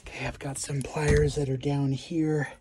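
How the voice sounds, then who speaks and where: A man vlogging casually, out of breath, halting with frequent pauses and sighs. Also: fairly high pitch, little pitch movement, background noise. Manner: halting, pausing often, sighing. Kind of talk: casual vlog narration.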